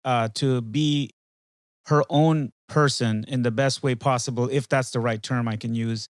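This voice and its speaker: A man's voice: mid-range voice, steady tone, a little slow, dry recording. A man hosting a casual talk with an AI companion, rambling and hesitant, with frequent fillers and restarts. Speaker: podcast host.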